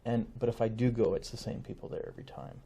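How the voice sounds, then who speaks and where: A middle-aged man, a family lawyer, explaining things in a measured conversational way with examples and asides. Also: mid-range voice, steady tone, warm tone, slightly rough. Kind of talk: conversational interview.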